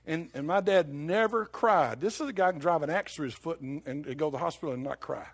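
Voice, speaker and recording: A husky-voiced older man delivers a sermon like he is talking across a kitchen table. His homespun storytelling keeps breaking into sudden emphatic punches, then drops back to plain talk. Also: on the high side, fast talker. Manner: folksy, conversational storytelling with sudden bursts of emphasis. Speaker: preacher.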